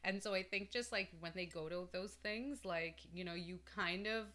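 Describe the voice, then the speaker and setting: Low-voiced chatty woman co-host. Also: normal speed, pushed and bright. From Canada. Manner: rambling, heavy use of "like" and "you know". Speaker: podcast co-host. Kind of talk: casual chat.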